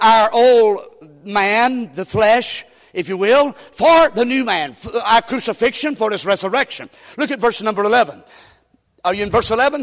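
A preacher with a very high voice delivers his sermon in a church sanctuary. He trades call-and-response lines with the congregation and climbs to shouted peaks. Long reverb from the hall hangs on every line. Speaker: pastor.

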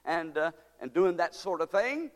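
A preacher playing a folksy tentmaker. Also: male voice, on the high side, big pitch swings, measured pace. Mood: friendly. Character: friendly male tentmaker, homey and relaxed. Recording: long hall reverb.

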